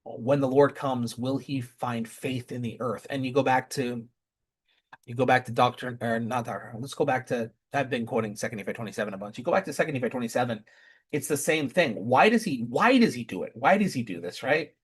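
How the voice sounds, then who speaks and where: A man's voice: medium pitch, a little fast, slightly rough. A man giving impassioned scripture commentary, emphatic and repeating rhetorical questions. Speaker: scripture teacher.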